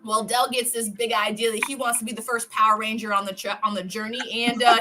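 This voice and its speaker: A woman co-hosting a podcast, recapping a TV episode in a casual, animated and profane storytelling way. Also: on the high side, brisk, few pauses, background noise. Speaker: podcast co-host.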